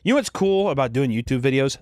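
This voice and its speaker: Animated young man, lively swearing chatter. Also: mid-range voice, quick pace, dry recording, clean studio sound. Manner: animated, swearing, acts out little scenes. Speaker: podcast co-host and animation YouTuber. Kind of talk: casual podcast chat.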